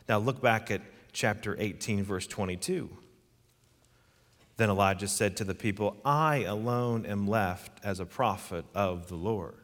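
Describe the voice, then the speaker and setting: A man's voice: fairly low pitch, unhurried, big-room sound. A man preaching a sermon, earnest and emphatic, putting questions to his listeners. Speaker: pastor.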